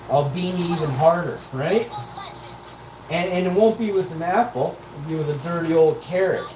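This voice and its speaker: This is a confrontational, profane ranting monologue from a vlog host in his forties who keeps throwing out rhetorical questions. His voice is fairly high in pitch and a little mellow. There's a roomy echo and faint noise.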